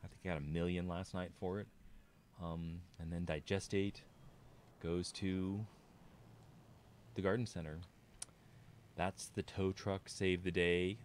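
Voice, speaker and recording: A man's voice: steady tone, measured pace, pauses often, a little hiss or hum. A man streaming a farming game, chatting casually and thinking aloud to his viewers. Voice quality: low voice. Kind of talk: casual gameplay commentary.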